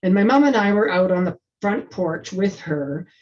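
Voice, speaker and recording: A middle-aged woman telling a family story in a casual discussion, chatty and halting with restarts. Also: medium pitch, expressive, darkish tone. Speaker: presenter. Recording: dull lo-fi sound.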